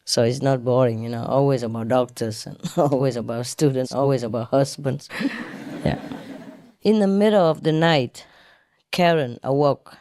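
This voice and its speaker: A woman telling jokes in a casual way. She laughs often at her own jokes, explains the punchlines, and pauses with hesitant fillers. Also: a bass voice, warm tone, dry recording.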